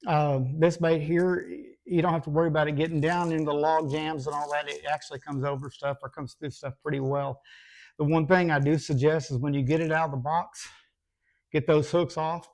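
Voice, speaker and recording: A man with a somewhat raised pitch and a gravelly, fry-laden edge talks through his tips casually. His delivery is folksy and rambling, full of restarts and fillers, like an instructor thinking out loud. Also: level tone, moderate pace. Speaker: bass fishing instructor.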